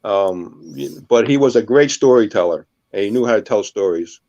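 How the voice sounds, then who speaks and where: A man's voice: lowish voice, expressive, normal speed, darkish tone, highs cut off. A man co-hosting a web show, telling jokes and acting out the characters' lines. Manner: storyteller who acts out the characters' lines. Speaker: co-host.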